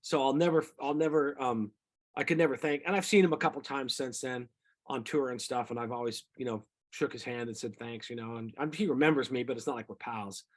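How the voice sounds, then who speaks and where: A middle-aged singer-songwriter telling rambling, animated stories about his music career in a casual interview. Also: mid-range voice, fairly quick. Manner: rambling, animated anecdotes with quoted voices.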